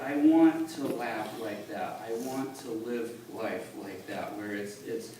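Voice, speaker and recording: Earnest man speaking in an echoey church. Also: mid-range voice. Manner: halting, conversational, earnest. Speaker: church member giving testimony. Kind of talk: personal testimony at church. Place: church sanctuary. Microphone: phone in the congregation. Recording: echoey church on a distant phone, noisy.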